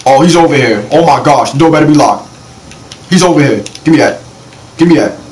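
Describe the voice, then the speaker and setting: Excitable young man with a lively voice. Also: a little high, far from the mic, low-quality recording. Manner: excitable, slangy, quick exclamations at the game. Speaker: gaming channel host. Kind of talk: casual let's-play commentary. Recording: voice a bit off-mic with faint noise.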